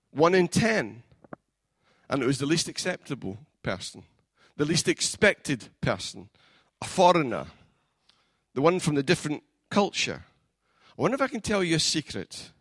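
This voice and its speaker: A man, a pastor preaching a sermon in a church, building from plain storytelling up to fervent shouting. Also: a little high, very animated, unhurried, no echo.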